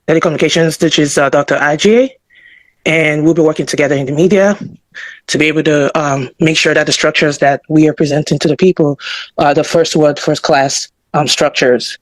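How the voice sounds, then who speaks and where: A man's voice: fairly high pitch, brisk, dry recording, rough recording. A man out of breath, giving rambling prepared remarks as an official on an online call, with fillers and self-corrections. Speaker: government department official. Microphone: online call audio.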